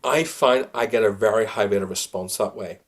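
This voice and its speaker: A man being interviewed on a podcast as a sales coach. He talks in an animated way and laughs often. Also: fairly low pitch, fairly quick.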